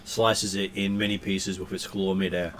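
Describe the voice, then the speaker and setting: A man running a tabletop game as game master, narrating with many pauses and fillers. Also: low voice, level tone, fairly bright tone. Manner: halting, many ums and uhs.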